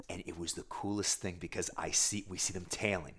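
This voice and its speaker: A man with a somewhat low voice tells a long story in relaxed podcast chat. He rambles, restarts, and pokes fun at himself while keeping the energy up. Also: a little fast, slightly rough. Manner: animated, rambling, self-mocking. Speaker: podcast co-host telling a fishing story.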